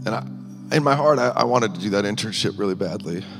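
A man sharing a personal testimony in a sermon, earnest and halting, with small laughs between thoughts. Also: on the low side, expressive. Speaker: minister. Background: music.

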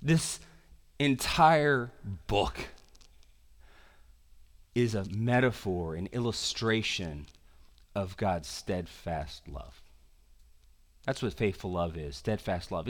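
A man preaching a sermon as pastor. He swings between loud emphatic passages and quiet, intense ones, with casual slang in his asides. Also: mid-range voice.

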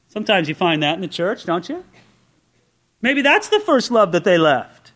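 A man with a notably high speaking voice delivers a sermon. His preaching is conversational and full of rhetorical questions. He swings between excited, raised asides and low, quiet emphasis. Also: normal speed, pauses often. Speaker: pastor.

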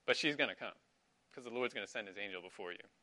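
A man's voice: on the low side, fast, pushed and bright. A middle-aged man teaching a Sunday school class, asking his students questions and affirming their answers. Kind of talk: interactive Bible class.

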